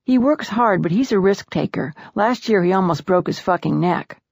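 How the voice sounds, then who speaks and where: A woman reading the lines of a man calling his wife from beyond death, calm, matter-of-fact and tender. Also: mid-range voice, normal speed, vocal fry, breathy edge, no room sound, clean studio sound. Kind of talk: audiobook character voice.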